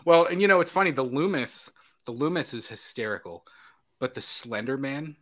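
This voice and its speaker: Male host, upbeat, mid pitch, bright tone. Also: lively intonation, normal speed. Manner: upbeat, reads viewer comments aloud. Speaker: podcast host. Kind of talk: casual chat.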